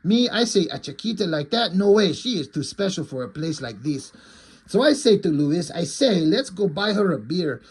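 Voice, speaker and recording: A man's voice: high-pitched, very animated, a little mellow, slightly rough, heavily acted, low-quality recording. Man doing a short, chubby, smitten little guy. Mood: boastful. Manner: halting, folksy broken English.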